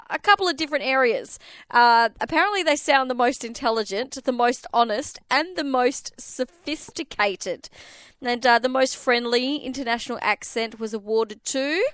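A high-voiced Australian woman hosts a radio chat segment, playful and loose with her fillers. Her voice comes across smooth and clear. The studio sound is close and dry. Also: a bit bright, dry recording. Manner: chatty, playful, full of fillers. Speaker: radio host.

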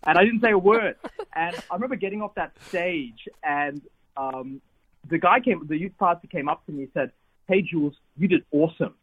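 A man in his thirties, a pastor telling a personal story as a radio guest over the phone, lively with repeated emphasis. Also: high voice, a little fast. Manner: lively, repetitive emphasis, builds to exhortation. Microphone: phone call. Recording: tinny phone line, husky.

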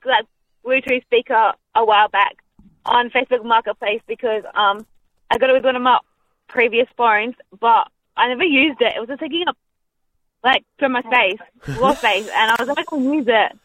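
A woman's voice: a little high, moderate pace, fairly bright tone, rough recording. A woman calling into a radio show and telling her story in a chatty way, full of "like". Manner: chatty, lots of "like". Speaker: caller. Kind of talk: casual phone-in chat.

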